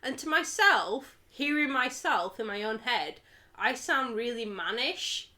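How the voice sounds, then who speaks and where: Yorkshire woman, casual co-host chat, fairly high voice, quick to laugh, foul-mouthed. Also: expressive, bright, forceful tone. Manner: laughs often, swears freely. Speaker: stream guest.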